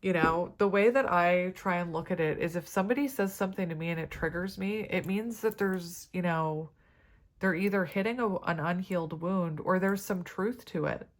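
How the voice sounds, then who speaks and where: A woman's voice: on the low side, moderate pace. A woman giving a tarot reading to camera, chatty and rambling, with many fillers and side stories. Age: adult parent. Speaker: tarot reader.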